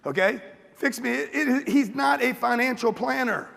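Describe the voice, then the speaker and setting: This American motivational speaker has a very high voice with vocal fry and a fairly bright tone, talking at normal speed. He gives a blunt, profane talk to a live audience in a large hall, rallying them with questions, and the recording shows the hall's long reverb.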